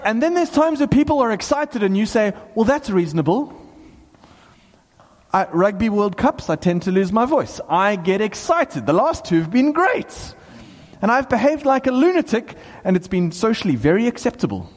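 A man preaching to a handful of people in a hall, his high voice leaping up and down as he presses his point. A long reverb hangs behind every phrase. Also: normal speed. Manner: animated, bursts into excited shouts and laughs. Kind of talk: sermon. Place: small hall with a few people.

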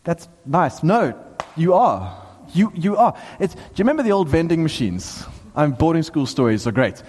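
A man preaching to a handful of people in a hall, his high voice leaping up and down as he presses his point. A long reverb hangs behind every phrase. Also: moderate pace, husky. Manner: animated, bursts into excited shouts and laughs. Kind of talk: sermon. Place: small hall with a few people.

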